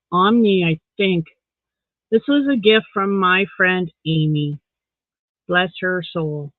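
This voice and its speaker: A man's voice: on the high side, gravelly, no echo. Man, live-stream crochet chat, counts stitches aloud, greets viewers, dry tinny sound. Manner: chatty, counts stitches aloud under the breath.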